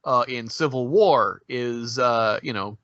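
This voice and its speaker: A man's voice: medium pitch, takes it slowly, a bit bright, no room sound, muffled recording. A man co-hosting a podcast, talking films in an enthusiastic, analytical way. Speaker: podcast co-host. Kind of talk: casual podcast discussion.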